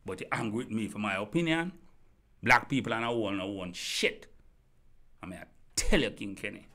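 A man's voice: fairly low pitch, normal speed, sharp tone. A man from Jamaica with a Jamaican accent, giving a heated, rambling opinion rant straight to his listeners and repeating his points. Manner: heated, repetitive, addresses listeners directly. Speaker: commentator.

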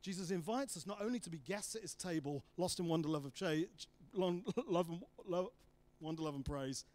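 A man preaching a sermon, telling the story with lively acted-out voices of the people in it. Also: sits high, brisk. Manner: animated storytelling, acting out voices of the disciples.

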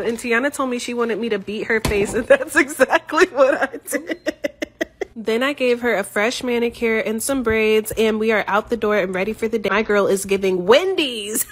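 Sassy high-voiced woman over loud music. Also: a little slow. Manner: brassy and sassy, playing several characters. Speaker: comedy creator. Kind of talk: comedic skits.

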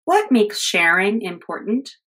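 A woman teacher reading a picture book aloud to children in a clear, expressive storytelling manner. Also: mid-range voice, unhurried, poor audio.

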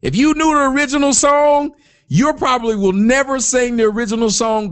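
A man hosting an online talk show, ranting loudly and profanely in a comic style. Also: very high voice, moderate pace, smooth. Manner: loud, profane, animated, breaks into sung chants. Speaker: host.

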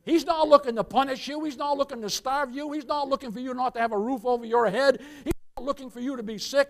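A pastor preaching a church sermon, emphatic, firing rhetorical questions, calling for amens and addressing the congregation as beloved. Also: male voice, very high voice, steady tone, quick pace, hardly any pauses. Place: church service.

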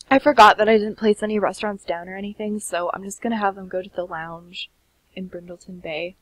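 A young woman giving sleepy, chatty commentary on a life-sim game, often slipping into soft half-whispers. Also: mid-range voice, brisk, dry recording, rough recording. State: sleepy, keeps yawning. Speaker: gaming channel host. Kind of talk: casual gameplay commentary.

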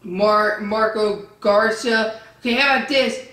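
A woman vlogger reading viewer comments aloud and answering them with a profane, insulting rant, often yelling. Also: fairly high pitch, slow pace. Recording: roomy echo, distant from the mic.

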